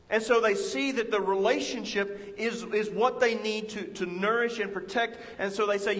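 A man's voice: animated, measured pace, a bit bright, big-room sound, poor audio. A man preaching a sermon in an earnest way, rising and falling as he makes his points. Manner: earnest, rises and drops in pitch and volume.

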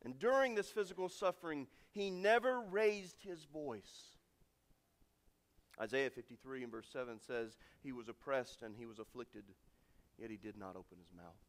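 A man preaching a sermon with dramatic swings from loud, emphatic lines to hushed endings. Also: mid-range voice, animated, moderate pace. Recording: long reverb of a large hall.

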